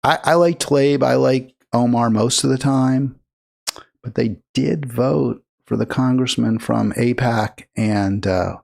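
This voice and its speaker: A man's voice: mid-range voice, takes it slowly, gravelly, a little mellow. A man hosting a live political call-in show, talking in a sarcastic, mocking, rambling way.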